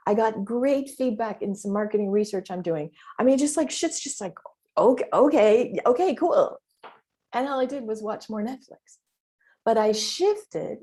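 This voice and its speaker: A middle-aged woman hosting a casual solo podcast. She talks emphatically, swears lightly, and acts out her inner voice in quick quoted asides. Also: mid-range voice. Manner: emphatic, animated, frequent mild swearing. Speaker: podcast host and business mentor.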